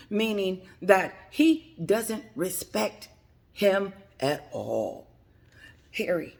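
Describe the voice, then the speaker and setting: A woman's voice: medium pitch, creaky, a little mellow. A woman giving chatty, dramatic celebrity gossip commentary on her vlog. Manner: chatty, dramatic, laughs between remarks.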